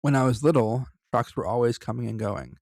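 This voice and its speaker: Podcast co-host, male, gravelly reader who drops in profane banter; dry close mic. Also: medium pitch, a little fast, darkish tone, no echo. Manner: profane, joking asides between read passages. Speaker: podcast co-host reading a story. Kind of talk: casual story reading with banter.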